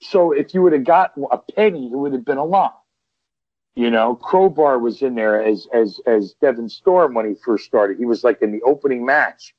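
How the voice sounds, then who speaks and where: A middle-aged veteran wrestler, appearing as a podcast guest, tells stories casually at medium pitch and normal speed. He rambles, restarts and repeats himself, and retells quotes in a lively way, all on a dull, dry recording.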